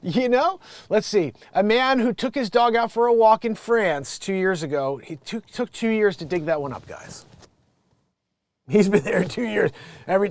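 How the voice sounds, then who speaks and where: A man's voice: high-pitched, lively intonation, normal speed, no echo. A man hosting a comedic news show, reading stories and rambling into jokes and self-mocking asides. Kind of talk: casual comedic news commentary.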